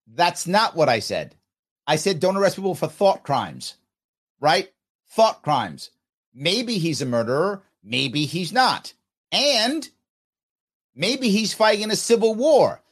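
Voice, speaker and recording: A man's voice: sits high, sing-song, a little slow, fairly bright tone. A man hosting a podcast, talking through listener comments in an emphatic way and repeating his points for emphasis. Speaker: podcast host.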